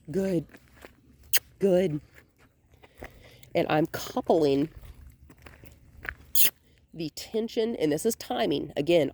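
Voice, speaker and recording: A woman dog trainer filming a walk outdoors on a hand-held phone, calmly explaining and softly praising the dog. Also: fairly low pitch, a little hiss or hum. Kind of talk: hands-on training demonstration. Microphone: phone held in one hand.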